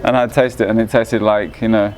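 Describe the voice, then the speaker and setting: A man's voice: fairly low pitch, flat delivery, fairly quick, a little mellow. Guy telling old stories, stops and restarts a lot, bit of noise behind. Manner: hesitant, frequent restarts. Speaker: disciple sharing memories. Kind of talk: casual personal reminiscence.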